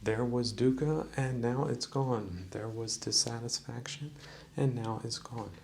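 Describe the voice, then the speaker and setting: A man hosting a podcast, musing in a slow, preachy mock-sermon monologue with a gravelly voice. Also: mid-range voice, darkish tone, slight background noise. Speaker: podcast host. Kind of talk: rambling comedic monologue.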